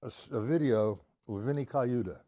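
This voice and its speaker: A man teaching drums on a live stream, talking through exercises in a slow, chatty way, greeting viewers by name and scatting rhythms aloud. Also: medium pitch, loud music behind the voice. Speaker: drum teacher. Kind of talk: live-streamed drum lesson.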